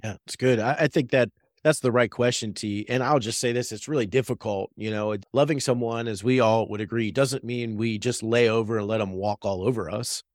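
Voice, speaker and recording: A man's voice: mid-range voice, a little fast, dry recording. Man, thirties, podcast co-host. Earnest, conversational storyteller, mid-range voice, dry close-mic sound. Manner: earnest storytelling, frequent "right?" tags. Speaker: real estate agent and podcast co-host. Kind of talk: casual faith-based business podcast chat.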